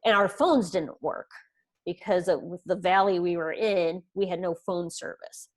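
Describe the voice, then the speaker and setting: Earnest woman guest, slightly low voice. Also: a little slow. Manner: earnest, retells events with quoted dialogue. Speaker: podcast guest. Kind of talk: personal storytelling in an interview.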